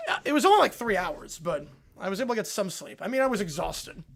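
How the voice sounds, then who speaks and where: A man hosting a livestream, chatting casually and reading out donations with relaxed, self-deprecating asides. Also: high voice, fast talker, gravelly, slight background noise. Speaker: livestream host.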